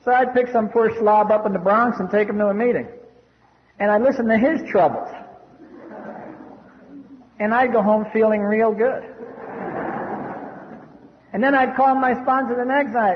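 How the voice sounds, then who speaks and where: An older man from the US East Coast telling his recovery story at a meeting in a blunt, wry, salty way. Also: very high-pitched. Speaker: AA speaker. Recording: echoey hall, dull lo-fi.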